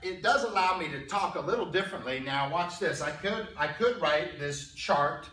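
Guy teaching algebra to a class, stop-start, keeps clearing his throat, bright sharp voice, echoey room from far off. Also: on the high side, animated, slight background noise. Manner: halting, repeats words, clears throat often; asks the class questions. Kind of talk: classroom lecture.

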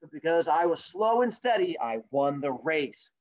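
A man voicing a slow, clever male turtle from the chess team, talking in a smug, methodical way, in a dull lo-fi recording. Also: on the high side, very animated, darkish tone, no room sound. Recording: dull lo-fi sound.

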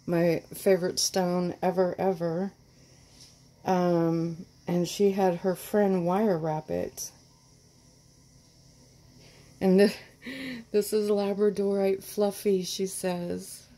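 Slow, warm-voiced woman, choked up. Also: fairly low pitch, level tone. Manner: gushing, stammering, breaks off mid-sentence. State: choked up, close to tears. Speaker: channel host. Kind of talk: casual unboxing vlog.

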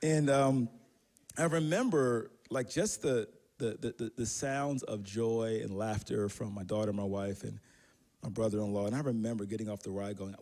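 A man's voice: fairly low pitch, moderate pace, a little mellow. A man preaching a sermon as pastor, telling a personal story in a conversational, self-deprecating way with many fillers and restarts.

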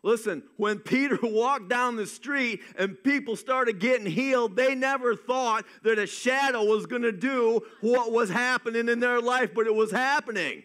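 A man preaching a sermon in a church as pastor, energetic and folksy, with jokes and asides. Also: extremely high pitch, moderate pace, hardly any pauses. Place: church sanctuary.

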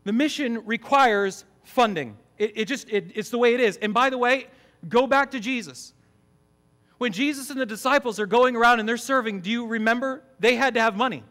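A man's voice: very high voice, brisk, a bit bright. A middle-aged man preaching a sermon as campus pastor, emphatic, often asking the congregation questions.

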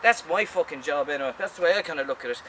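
A man's voice: on the high side, expressive, racing. A man, an artist, delivering an angry, rambling, profanity-filled rant. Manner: angry, swears constantly, rambling. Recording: distant voice, loud outdoor street traffic.

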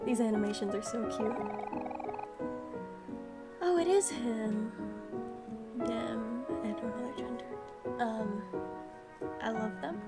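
A woman's voice: a little high, takes it slowly, pauses often. A young woman giving casual, chatty commentary while playing a video game, correcting herself as she goes. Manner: chatty, self-correcting, upbeat. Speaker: let's play gamer. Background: loud video game music.

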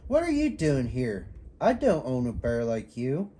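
A man's voice: mid-range voice, wildly swooping pitch, a little slow, warm tone. A man voicing a glum, misbehaving schoolboy in a children's storybook, with a sulky, plaintive delivery.

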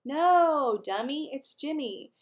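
A woman voicing a cheeky talking pet bird that repeats and teases, in a shrill, squawky storybook voice. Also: lively intonation, slow. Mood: teasing.

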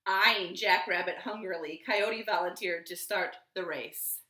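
A woman librarian reads a children's picture book aloud at an unhurried pace. Her bright voice swoops up and down with lots of expression. The living room around her adds a noticeable echo. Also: fairly low pitch. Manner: expressive, lively storybook reading. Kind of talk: storytime read-aloud.

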